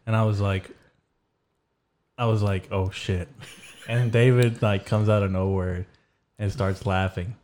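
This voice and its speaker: A man's voice: lowish voice, level tone, measured pace, long pauses, darkish tone, a little hiss or hum. A man hosting a podcast, telling rambling, crude stories in casual chat with lots of fillers. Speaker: podcast host.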